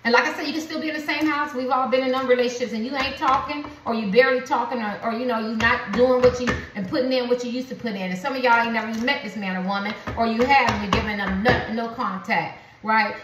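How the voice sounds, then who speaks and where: A woman's voice: fairly high pitch, fast talker, hardly any pauses, recorded from a distance, noisy background. A woman giving a spiritual tarot reading to her viewers, rambling and repetitive with lots of slang and fillers. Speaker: tarot reader. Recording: echoey room, voice set back from the mic.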